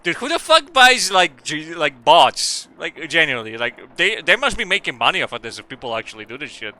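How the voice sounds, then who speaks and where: A man's voice: on the high side, sing-song, a little fast, pushed and bright. A man streaming a game who chats casually, rambles, jokes and swears. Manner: profane, rambling, joking. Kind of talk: casual gaming stream chat.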